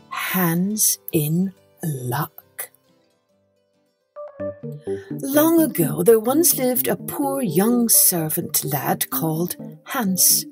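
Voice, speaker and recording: Expressive woman reading a children's story. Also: fairly low pitch. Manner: expressive, gentle. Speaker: storyteller, podcast host.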